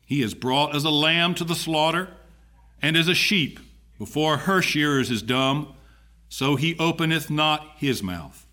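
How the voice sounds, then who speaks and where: A man solemnly reading scripture aloud in church while the congregation answers. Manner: measured, dramatic reading with lively pitch. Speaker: scripture reader. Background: congregation answering amen.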